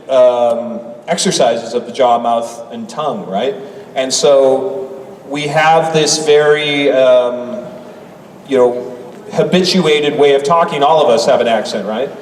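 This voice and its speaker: A man's voice: on the high side, far from the mic, a little hiss or hum. Man on a panel in an echoey hall. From Canada. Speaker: actor on convention panel. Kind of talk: convention panel Q&A. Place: large convention hall.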